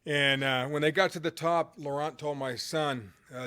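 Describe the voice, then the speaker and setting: A middle-aged man with a slightly high-pitched voice tells a motivational story from his own life. He talks casually and rambles a little, leaning on fillers and restarting his sentences. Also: fairly even intonation, normal speed, sharp tone. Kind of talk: motivational anecdote told conversationally.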